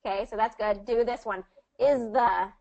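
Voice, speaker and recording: A woman coaching English pronunciation in a one-on-one video call lesson, patient and encouraging, modelling phrases slowly. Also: fairly high pitch, vocal fry, a little mellow, lo-fi sound.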